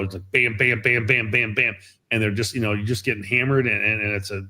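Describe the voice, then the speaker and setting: A man's voice: lowish voice, fairly bright tone. A middle-aged man chatting casually on a live stream about an amateur radio event, with many fillers and restarts. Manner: halting, many fillers and repeated words.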